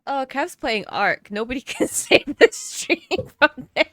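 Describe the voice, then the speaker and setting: A woman livestreaming a roleplay game, cry-laughing and teary as she talks. Her voice sits high and swings widely in pitch, recorded close and dry. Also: expressive, measured pace, a bit bright, no room sound. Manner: helpless giggling, cry-laughing. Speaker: streamer playing an HR rep. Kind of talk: live-streamed roleplay chat.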